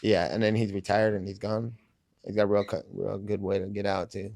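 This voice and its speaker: A man's voice: lowish voice, flat delivery, a little fast, gravelly, a little mellow, dry recording, clean studio sound. A man casually telling a story in an interview, profane, laid-back and a bit mumbly. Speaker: interview guest.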